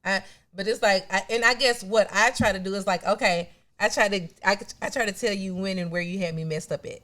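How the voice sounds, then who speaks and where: Woman co-host, casual chat, mid-range voice, animated storytelling. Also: mid-range voice, fairly quick. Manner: animated, acts out quoted exchanges. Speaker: podcast co-host.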